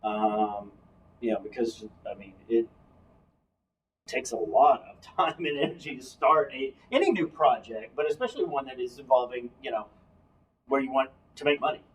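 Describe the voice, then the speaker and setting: A man's voice: mid-range voice, expressive, normal speed. A man hosting a casual talk show, chatting with his guest and reading out announcements. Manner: conversational, reads out announcements. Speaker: host. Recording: distant mic with faint background noise.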